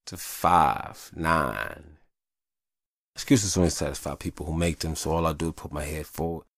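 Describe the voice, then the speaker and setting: A man's voice: deep voice, fairly bright tone, no room sound, clean studio sound. A man hosting a podcast, venting in a heated, profane casual monologue. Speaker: podcast host.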